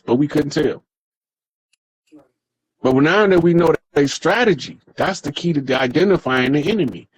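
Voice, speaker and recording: Appearing as an interview guest, a man tells stories in a loose, emphatic casual monologue, swearing freely and acting out the voices of people he quotes. His voice sits high with a darkish tone, and the audio is poor though free of echo.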